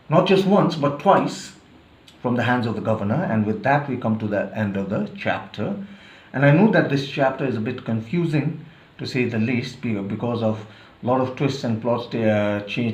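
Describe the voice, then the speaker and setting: A man's voice: medium pitch, darkish tone. A man with an Indian English accent, a teacher explaining a story chapter to students and checking in with them as he goes. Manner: explanatory, checks in with "all right?". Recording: roomy, dull lo-fi sound.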